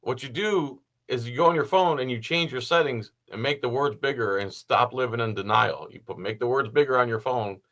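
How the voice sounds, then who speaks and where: Male host, bright tone, chatty and sarcastic commentary. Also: mid-range voice, fairly quick, few pauses. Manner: rambling, sarcastic asides. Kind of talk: casual commentary on a video.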